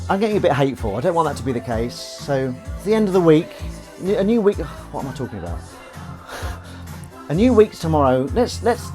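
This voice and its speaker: A man's voice: a little high, darkish tone. A man chatting in a rambling, playful, self-mocking way on a live stream while washing dishes at his kitchen sink. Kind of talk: casual live-stream chat.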